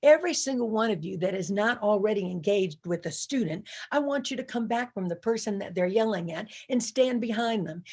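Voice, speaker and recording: A woman's voice: medium pitch, a little mellow. A woman giving a keynote speech to a live audience. She speaks emphatically, repeats her key phrases and leads the crowd in chants. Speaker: motivational speaker.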